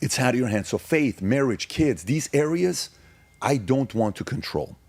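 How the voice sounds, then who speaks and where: A middle-aged man from Iran speaks as a podcast guest, in a steady, mid-range voice. He tells stories in a casual way and drives each point home with emphatic repetition. The recording is close and dry, with little room sound. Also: mid-range voice, no room sound. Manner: emphatic, rapid-fire repetition. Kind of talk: casual storytelling.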